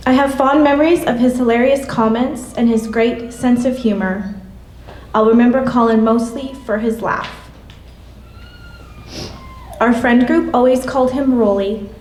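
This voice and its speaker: A woman in her late thirties reading a prepared memorial tribute in a measured, gentle way. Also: on the high side. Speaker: classmate giving a memorial tribute. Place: church hall. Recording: echoey hall from a distance.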